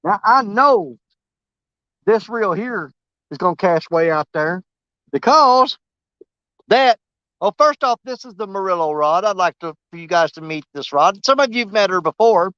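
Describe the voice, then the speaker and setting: A man's voice: high-pitched, animated, unhurried, a bit bright, clean tone, dry recording, dull audio. A man, rambling and joking about himself as he rigs his fishing rods outdoors for his vlog. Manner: rambling, joking, self-mocking. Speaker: fishing channel host. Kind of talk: casual outdoor vlog talk.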